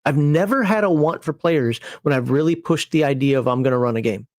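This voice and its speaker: Male streamer and game master, casual rambling talk, a bit higher pitched, dry close sound. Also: brisk, darkish tone, no echo. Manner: rambling and digressive, chuckling at himself. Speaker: game master and channel host. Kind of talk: casual livestream chat building a character.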